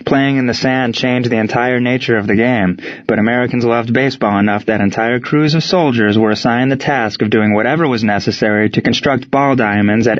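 A man reads a story aloud in scripted narration, steady and measured from line to line. His voice sits at an ordinary middle pitch. The recording is slightly dull and lo-fi. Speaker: audiobook narrator.

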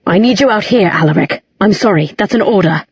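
A woman's voice: medium pitch, expressive, a little fast, slightly rough. A woman voicing a stern grown man who leads a pack, giving curt commands, from an audiobook reading. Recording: dull lo-fi audiobook recording.

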